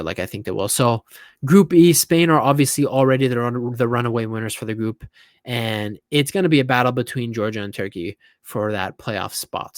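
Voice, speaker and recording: A young man offers casual, opinionated football reactions in a medium-pitched voice, recorded cleanly in a studio with no room sound. He swings between tired, yawning stretches and animated bursts, often repeating himself.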